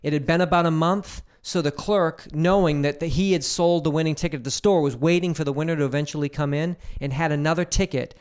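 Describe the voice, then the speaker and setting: A man co-hosting a loose podcast conversation, spinning stories with lots of energy and acting out the voices of the people in them. His voice sits a bit high for a man and sounds smooth and clean. He swears casually as he talks. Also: fast, hardly any pauses. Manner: animated storyteller, swears freely, acts out quoted voices. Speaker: podcast co-host. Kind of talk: casual chat.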